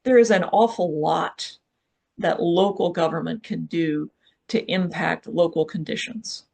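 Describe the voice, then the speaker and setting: A speaker at a live workshop talks in a direct, urging way and keeps checking in with the listeners. The voice sits at a middle pitch and has a gravelly, fry-edged texture. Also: fairly even intonation, a little slow, a little mellow. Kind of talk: live public talk.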